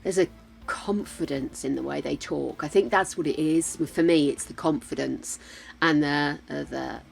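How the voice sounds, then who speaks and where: With a low, creaky voice and moderate pace, an older British woman talks casually with viewers while streaming a game. She laughs frequently and mutters to herself during play, and faint game music sits in the background.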